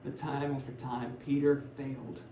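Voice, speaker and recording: A man preaching a sermon, retelling a Bible story in a conversational way, his voice swinging between loud and hushed. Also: mid-range voice, little pitch movement, normal speed, echoey room, slight background noise. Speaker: pastor. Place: church sanctuary.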